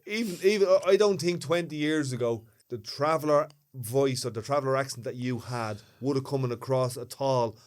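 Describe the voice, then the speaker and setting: A man from Dublin with a Dublin accent, co-hosting a podcast in relaxed, agreeable casual chat. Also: mid-range voice, normal speed, hardly any pauses. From Dublin, Ireland. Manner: easygoing, agreeable, laughs along. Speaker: podcast co-host.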